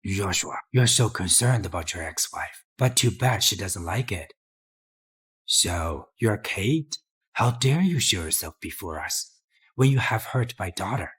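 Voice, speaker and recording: A husky, domineering father. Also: fairly low pitch, animated, measured pace, heavily acted. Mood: scornful. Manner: threatening, scornful. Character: hostile middle-aged father, domineering. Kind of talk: short drama acting.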